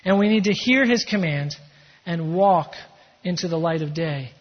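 A man preaching a sermon as pastor. He delivers it with emphatic energy and quieter reflective passages. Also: a little high, normal speed, slightly rough. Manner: emphatic preaching with shifts between energy and hushed calm. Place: church sanctuary. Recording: dull sound in a reverberant hall.

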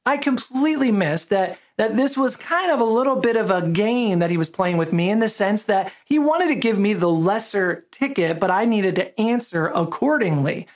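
A man, a pastor, giving a conversational sermon that opens with a personal story, told with a relaxed, self-deprecating humor. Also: sits high, moderate pace, few pauses.

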